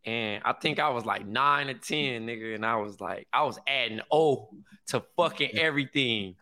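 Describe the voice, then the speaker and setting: Male podcast co-host, gravelly, sharp-toned, profane casual chat. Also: medium pitch, normal speed. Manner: brash, profane, slangy.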